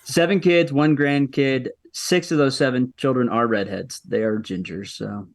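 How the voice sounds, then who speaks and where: A middle-aged man talks casually as a guest on a podcast, easygoing and joking. His voice sits at an ordinary pitch. The sound is dry and close, with no room around it. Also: steady tone, unhurried, no room sound. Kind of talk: casual chat.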